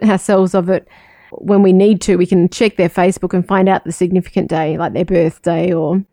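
A religious sister giving a reflective spiritual talk, moving between questions to the listener and personal stories. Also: female voice, mid-range voice, mellow, no room sound. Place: living in the United States, not from there.

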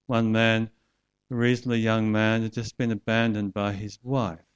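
A man's voice: lowish voice, level tone, moderate pace, clear, resonant tone, highs cut off. A man preaching a sermon, earnestly retelling a scripture story and acting out its voices.

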